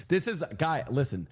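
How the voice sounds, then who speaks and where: Male streamer, reaction host, animated rambling jokey delivery, a bit high. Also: breathy edge. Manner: rambling, joking, many restarts and fillers. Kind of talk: casual reaction commentary.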